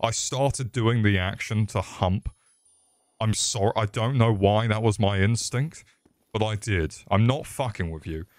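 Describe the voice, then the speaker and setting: Brief: young male streamer, lowish voice, rambling, swears constantly, jokes at himself. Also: a little slow, no echo. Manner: profane, rambling, jokey. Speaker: gaming streamer. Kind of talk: casual livestream commentary.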